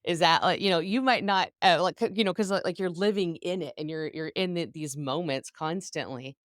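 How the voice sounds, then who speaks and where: A woman's voice: fairly low pitch, brisk, no room sound, studio quality. A woman hosting a podcast as a business coach, speaking in a reflective and encouraging way in casual conversation.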